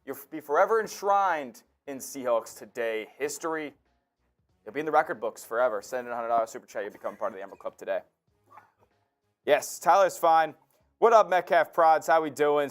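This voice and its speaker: A laid-back man keeps a live sports stream going, greeting viewers and reading their messages with easy laughs. His voice is smooth and clear in the middle range, with faint music underneath. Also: medium pitch, animated, brisk. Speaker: co-host. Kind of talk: casual live-stream chat.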